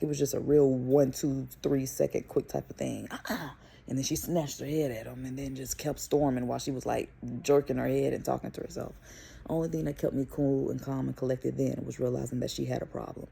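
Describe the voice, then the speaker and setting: A young woman and mother telling a story to camera in a casual, animated, profane way. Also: rumbling low, gravelly, slight background noise. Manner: animated, profane, emphatic retelling. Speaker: vlogger and mother.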